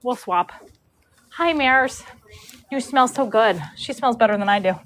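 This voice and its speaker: The recording is very noisy. Through it, a woman in her forties who braids horses chats casually on a livestream in a horse show barn stall, taking viewer comments and cooing to her dog in a fairly high voice at a measured pace.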